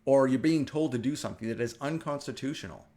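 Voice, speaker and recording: A middle-aged man from the United States hosting a casual wellness talk, telling stories with animated energy and frequent laughter. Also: medium pitch, fast talker. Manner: animated storytelling, laughs often. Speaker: wellness show host. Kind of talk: casual chat.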